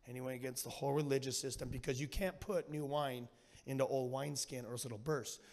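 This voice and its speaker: A man preaching a sermon as a guest speaker, energetic and slangy, telling stories with animated delivery. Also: on the high side. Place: church sanctuary. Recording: long church hall reverb.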